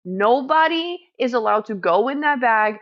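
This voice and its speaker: A woman's voice: a little high, expressive. Heated, swearing woman, lo-fi sound. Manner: swears freely, fast heated recounting. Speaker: house medic at a streamed camp. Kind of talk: casual chat, heated retelling.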